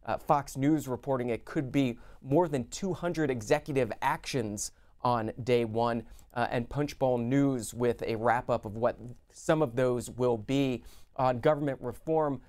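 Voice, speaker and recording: A male news host reads through a run of headlines for viewers, steady and informative. His voice sits in an ordinary middle range, and he moves briskly from one item to the next. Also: medium pitch. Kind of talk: reading headlines on live TV.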